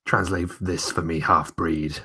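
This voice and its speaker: A man's voice: low-pitched, little pitch movement, unhurried, pushed and bright, slightly rough, full character voice. A man playing a haughty, contemptuous knight. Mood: scornful. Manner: commanding and contemptuous. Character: haughty male knight commander.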